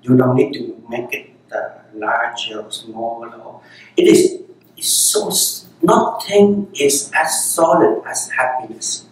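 A man's voice: medium pitch, slow. A man giving a dharma talk as a Zen teacher, speaking unhurriedly in short, repeated phrases. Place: meditation center hall. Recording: very echoey hall, voice from far off.

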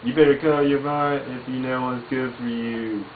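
A man's voice: medium pitch, steady tone, normal speed, echoey room, phone-quality sound, background noise, close to an everyday voice. A man voicing a paranoid, threatening cartoon neighbor.

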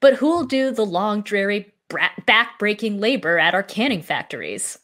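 A woman's voice: medium pitch, very animated, fairly bright tone. A woman voicing a greedy, scheming male industrialist in a comic read-through of a script. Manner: brisk comic read-aloud of a scripted scene.

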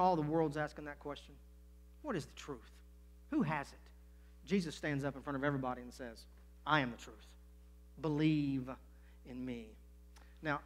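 A man preaching a sermon as pastor, folksy and direct, full of rhetorical questions, recorded in a church sanctuary. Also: a little high.

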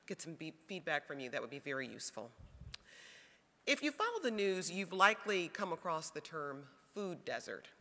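A woman's voice: fairly low pitch, sharp tone. A woman hosting a conference, announcing and reading a speaker introduction. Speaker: event host. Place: conference hall. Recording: long hall reverb.

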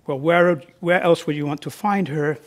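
A man's voice: on the high side, moderate pace. A man giving an informal library talk about his novels, conversational and joking, with fillers as he points to slides.

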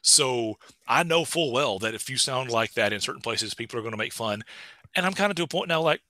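A Southern US man talks through ideas in an academic seminar over a video call, pausing on fillers and restarting his sentences. His voice is very bright and sits dry and close to the mic. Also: medium pitch, animated, no room sound. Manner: thoughtful, many fillers and restarts. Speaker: guest speaker, linguist.

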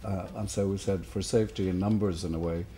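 An Irish man being interviewed for a documentary, telling stories in a relaxed, easy way. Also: low voice, quick pace, soft background music. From Ireland. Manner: relaxed storyteller, easy laughs. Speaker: interviewee, musician. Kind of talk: documentary interview, anecdotal storytelling.

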